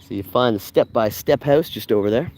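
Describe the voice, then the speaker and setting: Man, from Canada, casual live-stream walking tour, outdoors, excitable, jokey, talking to viewers. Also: medium pitch, a little fast. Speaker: vlogger giving a filming-location walking tour. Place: outdoors on a residential street.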